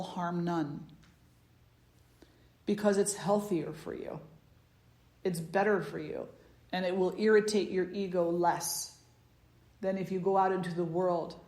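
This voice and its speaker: A woman spiritual teacher giving a slow, meditative talk, repeating phrases for emphasis. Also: lowish voice, warm tone, roomy sound.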